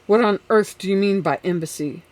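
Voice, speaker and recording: A reader voicing a nervous, excitable young man who asks anxious, rapid questions, in an audiobook. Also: mid-range voice, close to an everyday voice. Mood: alarmed. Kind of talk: audiobook character reading.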